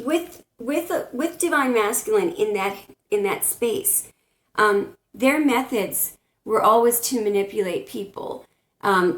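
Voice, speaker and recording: A woman giving blunt spiritual relationship advice as a tarot reader, talking straight to camera and often restarting her sentences. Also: a little high. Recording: roomy echo.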